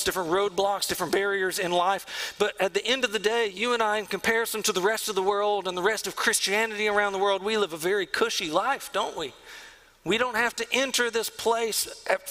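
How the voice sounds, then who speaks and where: A man preaching a sermon as the pastor of a church, earnest, sometimes dropping to a hush. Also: high voice, steady tone, a little fast, low-quality recording. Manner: earnest preaching, drops to a hush on key lines. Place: church sanctuary.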